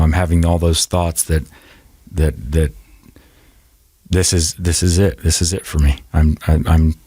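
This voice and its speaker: Male podcast guest: very low, husky voice, halting personal storytelling full of restarts, close and dry. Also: darkish tone, no room sound. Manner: halting, repeats and restarts words.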